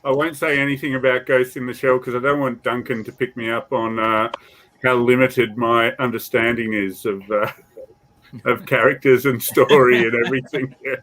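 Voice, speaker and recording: A man's voice: medium pitch, little pitch movement, moderate pace, a bit bright, slight background noise, poor audio. A man chatting casually, teasing the others and mocking himself. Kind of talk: casual chat.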